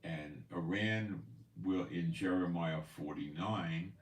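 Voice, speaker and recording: Slow, low-voiced man in an echoey room. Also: distant mic. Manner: rambling, repeats himself. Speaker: host of a prophecy news channel. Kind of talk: casual commentary. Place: home in Israel.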